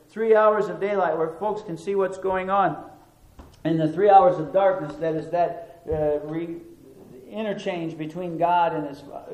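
A man preaching a sermon in a deliberate, emphatic way, repeating words to stress them. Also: high-pitched, darkish tone. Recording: roomy echo.

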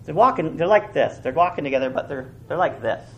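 A male pastor delivers a fervent sermon, his voice rising to loud, emphatic peaks and dropping to hushed lows. His pitch moves constantly and expressively, with words repeated for emphasis. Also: expressive, a little fast, highs cut off, slight background noise. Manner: repeats and restarts phrases for emphasis.

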